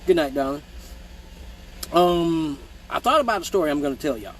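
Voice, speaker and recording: A man telling profane childhood stories in a casual live stream, animated and mimicking voices, with hiccups. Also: a little high, normal speed, a little hiss or hum, low-quality recording. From Michigan. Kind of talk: casual storytelling.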